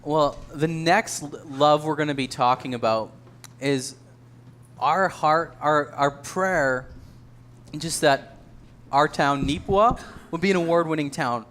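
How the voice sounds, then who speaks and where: A man's voice: fairly high pitch, a little slow, fairly bright tone. A man leading a church service, speaking earnestly with some light self-deprecating humor. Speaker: church leader. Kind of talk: sermon.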